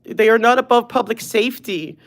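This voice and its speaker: A woman's voice: a little high, fairly quick. A woman from Los Angeles giving an earnest public comment at a city meeting, choked up and pleading with the commissioners.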